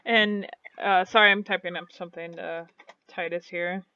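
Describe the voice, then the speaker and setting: A woman running a tabletop game as game master, talking in a halting way. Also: on the low side, steady tone, pushed and bright, clear, resonant tone, dry recording, lo-fi sound. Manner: halting, many fillers.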